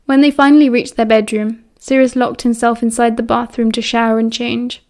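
A woman's voice: on the high side, flat delivery, fairly quick, hardly any pauses, a little mellow. A woman narrating an audiobook, reading steadily and evenly. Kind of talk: reading fan fiction aloud.

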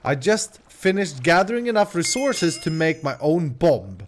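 A man voicing a dim male villager prison mate, reading slowly in a low, mock-grand way. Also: very animated, a little hiss or hum. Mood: mock-ceremonial.

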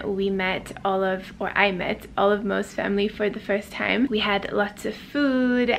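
A woman's voice: mid-range voice, creaky, a bit bright, slight background noise. A woman talking casually to the camera as a travel vlogger, upbeat and chatty, recorded in a car and then outdoors. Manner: chatty, upbeat, frequent "like" fillers. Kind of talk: casual vlog narration to camera.

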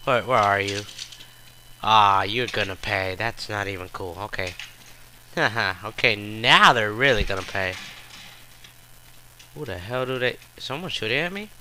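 Male gamer, slow-paced commentary, profane trash talk, frustrated. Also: fairly low pitch, animated, bright, forceful tone, slight background noise. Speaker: gameplay commentator. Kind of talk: live gameplay commentary.

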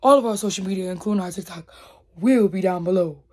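A woman vlogger talking casually and teasingly, sometimes dropping into a hushed, spooky storytelling voice. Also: medium pitch, fast talker, echoey room, low-quality recording. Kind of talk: casual prank vlog chat.

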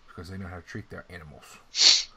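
A man running a tabletop game as game master, casual and profane, often clearing his throat. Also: low-pitched, fairly even intonation, fairly quick, sharp tone, a little hiss or hum.

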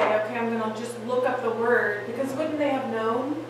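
A woman in a Bible class asking the teacher a question, quick and casual. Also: a little high. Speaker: student. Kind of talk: class discussion. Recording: echoey room, distant mic, steady hiss.

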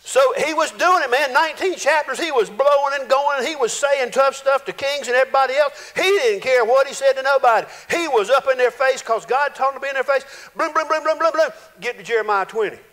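Man, pastor, folksy animated sermon, high voice, long church-hall reverb. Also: fast, few pauses. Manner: folksy, animated preaching with playful voiced quotes. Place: church sanctuary.

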